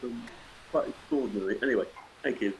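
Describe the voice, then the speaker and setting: A man's voice: medium pitch, fast, slight background noise, low-quality recording. A man chatting casually over a video call, rambling and hesitant with many fillers. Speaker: singaround participant. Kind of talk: casual chat.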